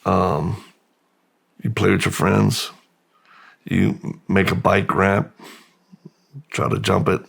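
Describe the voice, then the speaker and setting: A man from the United States, a guest in an interview, slowly and reflectively telling his life story with pauses and restarts. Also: deep voice, fairly even intonation, creaky, fairly bright tone, husky.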